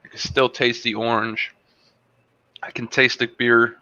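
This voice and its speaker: A man hosting a casual online tasting show, describing a beer and a cheese in a relaxed, rambling way with plenty of fillers. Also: medium pitch, measured pace, dry recording, lo-fi sound. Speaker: host reviewing beer and cheese. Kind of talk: casual tasting review on a video call. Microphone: video call.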